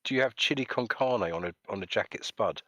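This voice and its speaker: A man hosts a live-streamed voice call with a fairly low voice. He rambles and jokes, reading out chat comments as he goes. The sound is dry and close, with no room around him. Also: brisk, bright, forceful tone, no echo. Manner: jokey, rambling, reads chat comments aloud.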